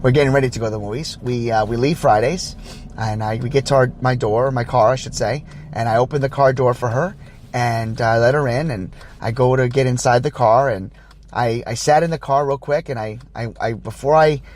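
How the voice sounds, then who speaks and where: A man hosting a podcast, telling a dating story casually in an animated way, stumbling and restarting as he acts out the dialogue. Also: mid-range voice, fairly quick, a little hiss or hum. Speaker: podcast host.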